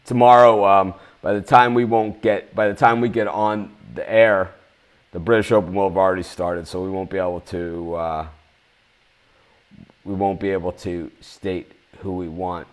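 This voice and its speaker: A man's voice: deep voice, fairly even intonation, normal speed. A man hosting a live sports betting show, talking bluntly in a ranting, swearing manner.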